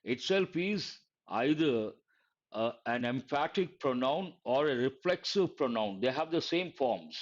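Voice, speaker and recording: A man's voice: mid-range voice, animated, a little slow, muffled recording. A man teaching a live exam-prep lesson, repeating key words and quizzing his listeners. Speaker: English teacher.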